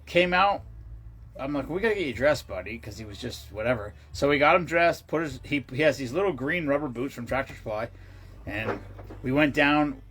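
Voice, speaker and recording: A man's voice: mid-range voice, expressive, normal speed, fairly bright tone. A middle-aged man hosting a casual livestream, telling rambling stories in a loose, profane way. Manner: rambling, profane storytelling with laughs. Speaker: livestream host.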